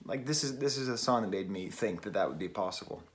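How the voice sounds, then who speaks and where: A man's voice: on the low side, lively intonation, quick pace, slight background noise. A man from New England giving a casual, wry album review at home, often laughing at himself. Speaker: record reviewer. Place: at home, early morning. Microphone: camera mic.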